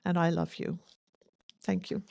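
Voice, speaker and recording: A deadpan grieving daughter. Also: female voice, on the low side, measured pace, creaky, no echo, clean studio sound. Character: eccentric woman reading her late father's begging poems. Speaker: bereaved daughter giving a eulogy. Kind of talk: scripted comedic funeral reading.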